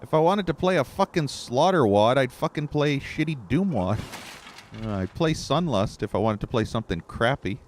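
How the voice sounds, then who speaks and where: Man streaming gameplay, angry profane ranter, pitch swings widely, faint hiss behind. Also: expressive, normal speed. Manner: profane, ranting, easily frustrated. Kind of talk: live gameplay commentary.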